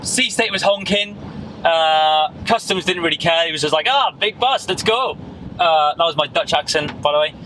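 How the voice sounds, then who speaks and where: A man's voice: fairly high pitch, fairly even intonation, moderate pace, bright, forceful tone. A British man chatting casually to camera for his van life travel vlog. He is slangy and sweary and talks straight to his viewers from inside his camper van while driving. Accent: British English. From United Kingdom. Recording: clear road and vehicle noise behind the voice.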